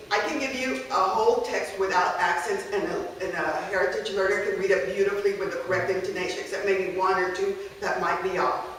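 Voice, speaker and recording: A woman's voice: medium pitch, slight background noise. A woman teacher giving a conversational workshop talk on classroom activities, often checking in with the audience. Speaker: language teacher presenting a workshop. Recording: echoey room, voice from a distance.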